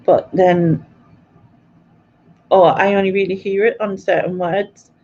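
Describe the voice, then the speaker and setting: A woman's voice: mid-range voice, fairly even intonation, takes it slowly, highs cut off, slight background noise. A woman with a Sunderland accent, hosting a live quiz stream in a chatty, informal way full of local slang. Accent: Sunderland (Mackem) English. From North East England. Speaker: quiz host. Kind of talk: casual live-stream chat.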